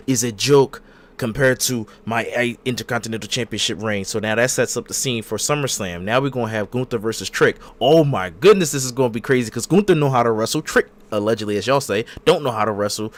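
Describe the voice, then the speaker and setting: A man hosting a casual wrestling podcast, telling a long fantasy storyline in a rambling, animated way. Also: mid-range voice. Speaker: podcast host.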